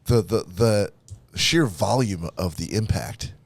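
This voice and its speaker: A man co-hosting a podcast in casual chat, with relaxed, wry remarks. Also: fairly low pitch, slow, vocal fry, no room sound. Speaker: podcast co-host.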